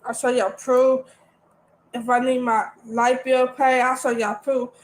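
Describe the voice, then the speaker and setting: A woman's voice: high voice, level tone, a little slow, poor audio. A woman ranting on a livestream, defiant and repeating herself. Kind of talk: livestream rant.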